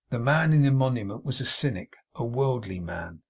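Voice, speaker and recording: A man with a gravelly, husky voice reading a classic novel aloud in a steady, measured way. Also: medium pitch. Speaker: audiobook narrator.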